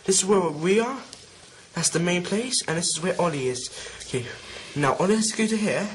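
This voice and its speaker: A man's voice: high-pitched, expressive, brisk, a little hiss or hum, rough recording. A young man joking around in an amateur comedy video, teasing and laughing as he lays out a mock plan.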